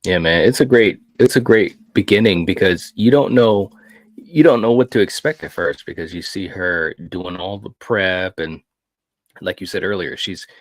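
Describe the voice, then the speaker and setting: A man's voice: sits low, moderate pace, dry recording. A man co-hosting a film review podcast, chatting casually and enthusiastically about a horror movie. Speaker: podcast co-host.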